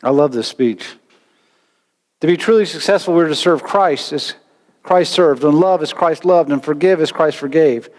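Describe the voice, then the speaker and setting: Male preacher, higher voice, animated sermon, long church reverb. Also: normal speed. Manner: animated preaching with sudden loud outbursts. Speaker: pastor. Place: church sanctuary.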